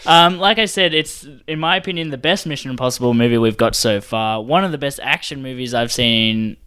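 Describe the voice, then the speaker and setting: A man's voice: mid-range voice, fairly quick, bright, forceful tone, clean tone. Man, co-host, casual film talk, blunt and joking about himself. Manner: blunt, self-mocking. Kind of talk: casual chat.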